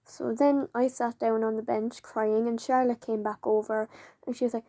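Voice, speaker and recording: A woman's voice: on the high side, fairly even intonation, a little slow, warm tone. A woman casually telling a personal story to camera, chatty and fond of saying "like" as she recounts what others said. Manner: chatty, leans on "like" and acts out quoted dialogue. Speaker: vlogger.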